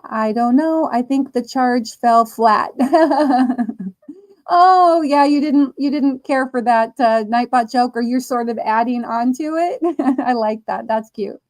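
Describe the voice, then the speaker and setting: Slow, mellow-voiced woman chatting. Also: a little high. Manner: slow, chatty, laughs often. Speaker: livestream host. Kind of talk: casual livestream chat reading comments.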